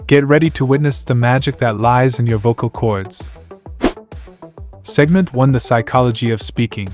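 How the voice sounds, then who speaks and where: A man giving a scripted narration in a measured, announcer-like way, walking through numbered points. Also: mid-range voice, a little mellow.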